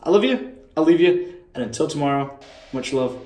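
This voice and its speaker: A man's voice: on the high side, expressive, normal speed, a little mellow, echoey room, slight background noise. A young man from England, chatting casually in a vlog from a hotel room, swearing and laughing easily. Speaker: vlogger.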